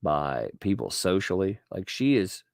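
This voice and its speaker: A man hosting a casual livestream, talking in an animated, rambling way with many restarts while reading viewer donations. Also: low-pitched, a little slow, vocal fry, no echo, clean studio sound.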